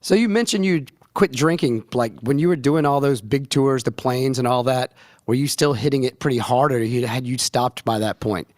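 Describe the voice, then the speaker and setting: A man hosting a podcast, asking relaxed, easygoing questions. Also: mid-range voice, moderate pace, no echo, studio quality. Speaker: podcast host. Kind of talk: casual interview.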